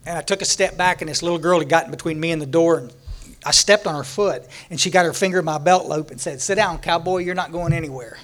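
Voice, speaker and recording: Man, slightly raised pitch, folksy and joking, storytelling speaker at a recovery meeting. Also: fast talker, a bit bright. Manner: folksy storytelling with jokes and laughter.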